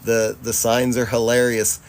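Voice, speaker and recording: A relaxed man hosts a live chat stream in a mid-range voice. He talks loosely and profanely, calling his viewers y'all and breaking into easy laughter. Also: medium pitch, measured pace. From Charlotte, North Carolina, US. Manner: laid-back, profane, laughs often, addresses audience as y'all. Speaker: livestream host. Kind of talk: casual livestream chat reading viewer comments.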